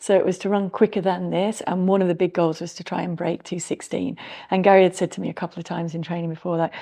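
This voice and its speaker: A middle-aged woman, a former marathon runner, telling her story as a podcast guest in an animated way. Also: lowish voice, quick pace, vocal fry. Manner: animated storytelling with laughs, acts out her own thoughts. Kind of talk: podcast interview, reflective storytelling.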